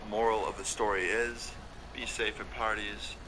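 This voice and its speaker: A man's voice: fairly low pitch, level tone, normal speed. A young man telling a casual story-time tale, swearing freely and filling with "like" and "okay?". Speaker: storytelling vlogger. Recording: loud vehicle noise behind the voice.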